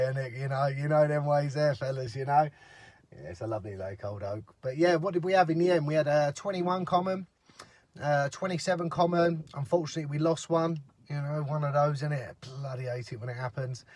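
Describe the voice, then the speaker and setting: Chatty fishing vlogger. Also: male voice, on the high side, no echo. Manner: chatty, gossipy, swears freely. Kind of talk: casual chat to camera. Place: outdoors by a lake.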